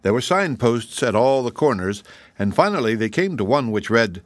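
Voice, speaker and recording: A man narrating a children's book chapter in a steady, measured reading. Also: medium pitch, no room sound, studio quality. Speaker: audiobook narrator. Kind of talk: scripted narration.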